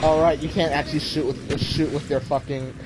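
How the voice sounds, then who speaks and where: A man's voice: a little high, level tone, fairly quick. A man chatting casually while playing a shooter game with a friend, swearing freely and laughing often. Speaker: gamer. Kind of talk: casual co-op gameplay chat. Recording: loud gunfire over game noise.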